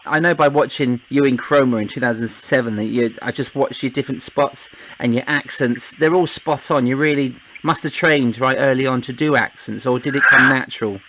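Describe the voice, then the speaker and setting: A man's voice: medium pitch, fairly quick, few pauses, fairly bright tone, slight background noise. A man from England hosting an interview, chuckling and encouraging his guest. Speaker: podcast host. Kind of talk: casual interview chat.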